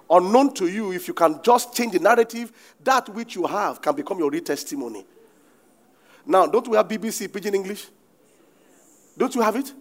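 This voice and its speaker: A Nigerian man in middle age delivers a sermon with a high voice. His pitch leaps and dips all over the place as he preaches. He bursts into shouts and laughter between points. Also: sing-song, moderate pace, pauses often. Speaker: pastor.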